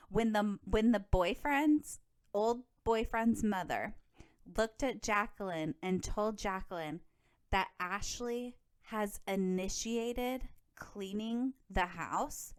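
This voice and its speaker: A woman's voice: mid-range voice, clear, resonant tone. Chatty, gossipy woman podcast host. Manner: chatty, profane, gossipy, lots of "like". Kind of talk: solo gossip podcast about reality TV.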